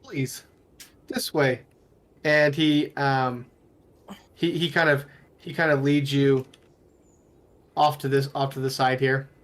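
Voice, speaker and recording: Halting male game master. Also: mid-range voice, little pitch movement, a bit bright. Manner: loose, halting narration with frequent restarts. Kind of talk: narrating a tabletop game.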